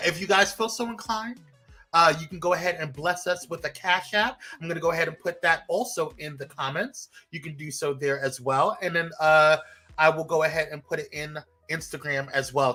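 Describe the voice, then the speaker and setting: A young man co-hosting a casual live podcast, energetic and loose with fillers and laughs. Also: fairly high pitch. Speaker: co-host.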